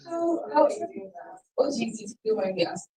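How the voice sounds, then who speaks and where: A woman's voice: high-pitched, animated, fairly quick, mellow, far from the mic, poor audio. A woman hosting an icebreaker game with an audience, chatty and laughing often, restarting her sentences. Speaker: event host.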